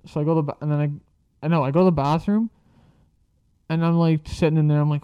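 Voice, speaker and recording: A man's voice: fairly high pitch, steady tone, fast, clean tone, no room sound, lo-fi sound. Rambling, profane young man telling a story. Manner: rambling, profane, filler-heavy. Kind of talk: casual storytime monologue.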